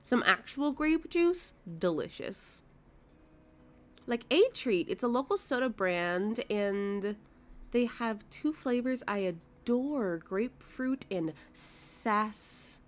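Her fairly high voice is slow and sing-song, with faint music behind it. The young adult woman is gaming on stream, yawning sleepily as she reads and responds to chat, swearing and laughing along the way.

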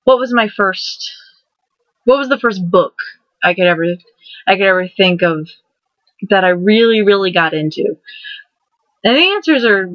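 A woman in her twenties hosting a casual vlog, rambling excitedly and restarting her words as she goes. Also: medium pitch, moderate pace, long pauses, no room sound. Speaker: vlogger host. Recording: dull lo-fi dry recording.

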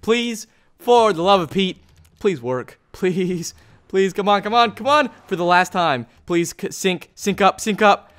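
A man giving Let's Play commentary on a sandbox game, excitable and jumping between high squeals and low mutters, talking straight to viewers. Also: measured pace. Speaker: YouTuber playing Minecraft.

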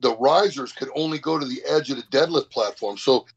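Gravelly, profane man telling a story. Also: medium pitch, brisk. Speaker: powerlifter guest. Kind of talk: casual storytelling interview. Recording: dull lo-fi sound.

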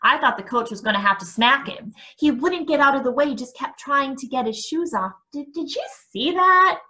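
A woman reading a novel aloud, voicing a cocky teenage football player who talks in an excited, jeering way. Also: high-pitched, fairly quick, pitched above the performer's own voice. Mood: agitated.

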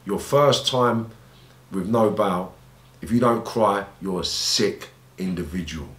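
A man's voice: takes it slowly, a bit bright, roomy sound. A man with a London accent, a former gangster telling his life story bluntly and with lots of swearing in an interview. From England. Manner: blunt, sweary, re-enacts scenes in high pleading voices.

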